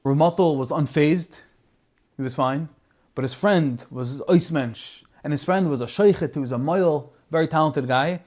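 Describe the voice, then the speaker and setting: Man, fairly high pitch, storytelling Torah talk, Yiddish and Hebrew words. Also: normal speed, darkish tone. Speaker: Torah speaker.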